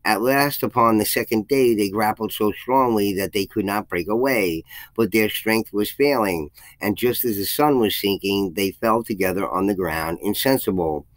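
Guy with a lowish voice reading a folk tale, dry close sound, trips on a word now and then. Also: moderate pace, no room sound, poor audio. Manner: reads with archaic phrasing, raises his voice for quoted speech, slips and restarts. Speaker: channel host reading a legend.

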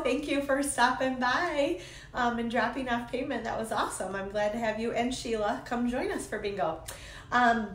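A woman with a croaky, hoarse voice from a cold, hosting a casual livestream and chatting cheerfully with viewers as they join. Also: sits high, fairly bright tone. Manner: rambling, upbeat, greets viewers by name. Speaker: host of a live card-making stream. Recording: roomy echo with faint ambient noise.

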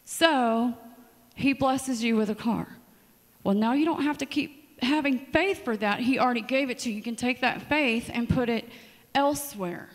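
In a church sanctuary, a woman with a fairly high voice preaches a sermon at normal speed, telling stories with lively, dramatic asides, her voice carrying through the large hall.

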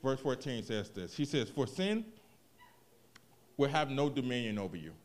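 A man preaching a sermon, moving from hushed reflection to loud, animated emphasis, with casual asides to the congregation. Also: mid-range voice, moderate pace. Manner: expressive preaching, swings from quiet to loud, vernacular asides. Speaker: pastor.

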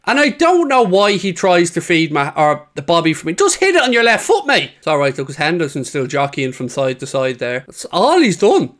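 A young man reacting to football highlights, heated and swearing freely. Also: a bit bright. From England. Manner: heated, swearing, frequent outbursts. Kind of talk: casual match reaction commentary.

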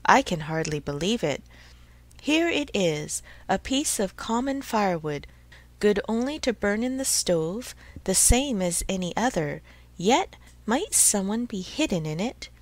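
A woman's voice: medium pitch, very animated, unhurried, no room sound. A woman voicing a jittery old male carpenter who mutters to himself, in a storybook reading. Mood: frightened. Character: old, red-nosed male carpenter, easily frightened.

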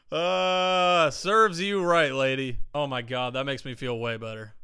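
A man's voice: high-pitched, vocal fry, pushed and bright, clean tone, no room sound, clean studio sound. A man hosting a clip channel, commenting on clips with amusement. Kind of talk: reacting to clips.

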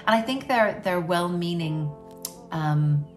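A woman's voice: lowish voice, takes it slowly, soft background music. A woman sharing her experience as a parent in a frank, reflective talk to camera, often saying "you know". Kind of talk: candid personal talk to camera.

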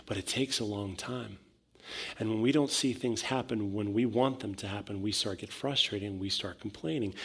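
A man preaching a sermon as pastor, talking casually, acting out voices and building to loud, emphatic preaching. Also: on the low side, breathy edge.

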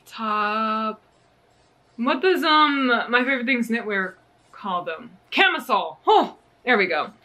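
A woman's voice: fairly high pitch, sharp tone. Bubbly young woman gushing over yarn. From United States. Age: young adult. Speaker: knitting vlogger. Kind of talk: casual yarn haul chat.

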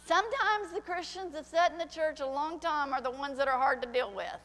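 A woman pastor preaching a sermon, swinging from soft, confiding lines to shouted ones and acting out the voices she quotes. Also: high voice, fairly quick. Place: church sanctuary. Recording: church hall with long reverb.

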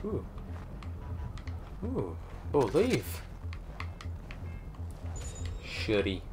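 Excitable swearing gamer guy, lively pitch. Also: extremely slow, over music. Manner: excitable, swears a lot, talks to enemies. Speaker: gamer doing a let's play. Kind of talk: live gameplay commentary.

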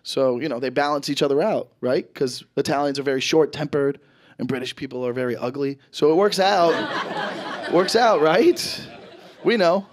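A man performing a stand-up comedy set, telling stories animatedly and swearing freely, his voice jumping high and loud when he acts panicked. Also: moderate pace. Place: stage in front of a live audience. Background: audience laughter.

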